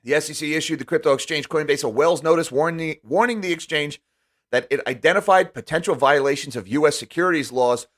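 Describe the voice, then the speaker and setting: A man's voice: fairly high pitch, a little fast, fairly bright tone. Sarcastic man commenting on the news. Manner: sarcastic, talks directly to viewers. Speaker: finance video host. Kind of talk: news commentary reading headlines.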